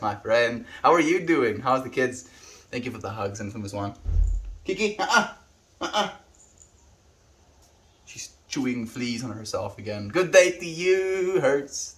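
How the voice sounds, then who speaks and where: A man's voice: on the low side, a bit bright. Friendly man chatting on a stream. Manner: friendly, greets viewers by name, reads chat aloud. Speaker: livestreamer. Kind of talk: casual chat with live viewers.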